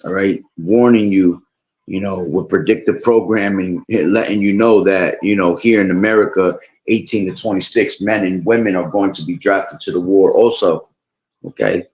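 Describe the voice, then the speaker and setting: A man preaching about prophecy and reading scripture aloud, rambling and checking in with "all right?" while he is losing his voice. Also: deep voice. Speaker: bible teacher streamer.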